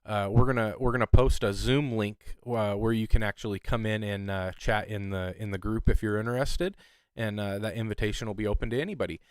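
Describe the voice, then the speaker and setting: A man hosting an amateur radio net in easygoing casual chat, chuckling often and filling pauses with ums and uhs. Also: on the low side, smooth, no echo.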